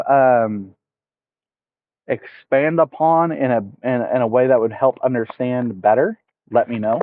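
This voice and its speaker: Speaking at a medium pitch and an unhurried pace, this American man with a slight Southern lilt chats with viewers over a headset while explaining fishing rigs outdoors in a park. It's a laid-back fishing livestream tutorial, and the recording is dry, tinny, and phone-like.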